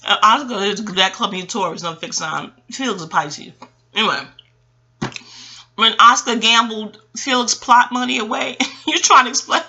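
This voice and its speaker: Woman, 40s, astrologer, loose rambling monologue, very bright and sharp tone, salty and animated with quick laughs. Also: fairly high pitch. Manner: animated, profane, laughing asides.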